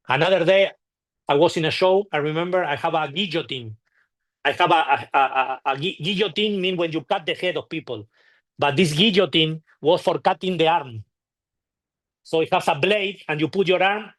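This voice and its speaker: A man telling anecdotes at a temple gathering, halting and restarting often, acting out the people in his stories. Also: fairly high pitch, a bit bright. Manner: halting, with frequent restarts and repeated words. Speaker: devotee sharing memories at a temple. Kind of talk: anecdotal storytelling talk.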